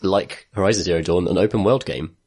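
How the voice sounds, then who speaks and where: A man's voice: sits low, a little fast, darkish tone, husky. A British man chatting casually on a podcast, rambling with frequent restarts and laughter. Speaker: podcast co-host. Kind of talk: casual chat.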